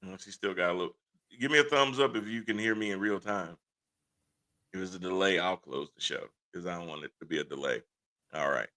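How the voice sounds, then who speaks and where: A man's voice: low-pitched, fairly quick, sharp tone. A man hosting a casual livestream talk show, blunt and impassioned, laughing often. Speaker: host.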